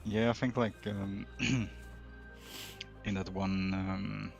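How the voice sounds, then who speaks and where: A man's voice: on the low side, fairly even intonation, slow, gravelly, highs cut off, soft background music. A man on a game development stream, speaking hesitantly with many ums. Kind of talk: casual live-stream chat.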